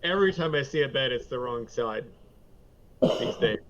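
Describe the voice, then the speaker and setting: A man's voice: mid-range voice, animated, normal speed, noisy background. A man playing in a tabletop game, joking wryly with the group. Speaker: player. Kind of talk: casual tabletop play. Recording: dull lo-fi mic.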